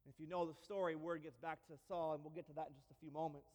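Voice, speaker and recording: High-voiced preacher in a reverberant hall. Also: male voice, steady tone, fast, a little mellow. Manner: emphatic, repetitive, with light humor. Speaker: pastor. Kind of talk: sermon. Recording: long reverb of a large hall.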